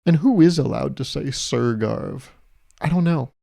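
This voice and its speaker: A young man hosts his own podcast alone. He rambles comically, mocks himself and plays out small imagined conversations. His voice is mellow and sits at a middle pitch. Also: animated, unhurried, creaky. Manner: self-mocking, plays out imagined exchanges. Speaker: podcast host. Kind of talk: solo comedic podcast monologue.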